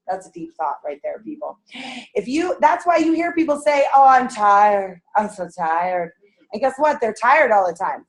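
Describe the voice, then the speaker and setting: A woman in her thirties runs a motivational sales meeting, her voice fairly high and her delivery lively and animated. She laughs often and acts out the things people tell themselves.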